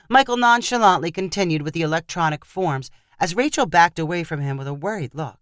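A woman reading a story aloud as narrator in a steady storytelling manner. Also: on the low side, brisk, few pauses, dry recording, clean studio sound. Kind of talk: scripted narration.

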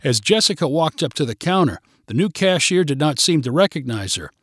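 A man narrating a short story in a clear, steady storytelling voice. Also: on the high side, fairly quick, no echo, studio quality.

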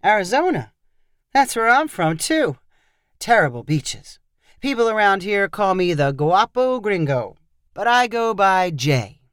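A relaxed, sincere American drifter man chats warmly in this storybook reading, as the narrator puts him on. He pays easy compliments, and the voice is recorded dry, with no room sound. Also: medium pitch, unhurried, no room sound. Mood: easygoing. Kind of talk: audio short story reading.

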